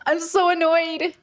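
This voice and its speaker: A worn-out woman streamer talking frankly to her chat about her exhaustion, her voice a bit shaky. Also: very high-pitched. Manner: tired, confessional, shaky voice. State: exhausted and drained. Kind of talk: casual livestream chat.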